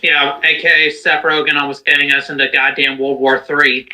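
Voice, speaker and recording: Guy cracking jokes on a podcast, kinda high bright voice, swears a lot. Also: flat delivery, normal speed, poor audio. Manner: profane, joking. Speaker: podcast co-host. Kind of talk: casual chat.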